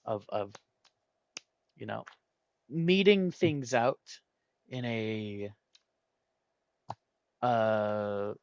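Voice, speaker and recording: Man solving a word puzzle aloud, unhurried and hesitant, dry close sound. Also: medium pitch, no room sound, muffled recording. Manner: muses aloud, hesitant, weighs options slowly. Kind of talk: thinking aloud while playing.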